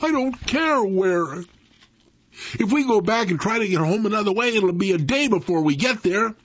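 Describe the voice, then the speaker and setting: A man voicing a frightened young boy with a shaky, high, strained voice in a told story. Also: big pitch swings, a little slow, slightly rough, no echo, dull audio, full character voice. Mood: scared.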